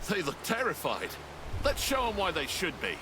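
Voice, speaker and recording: A man's voice: high voice, huge pitch swings, moderate pace. A man voicing an eager male pirate first mate in a video game, speaking in an urgent, rallying way. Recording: game audio with noise.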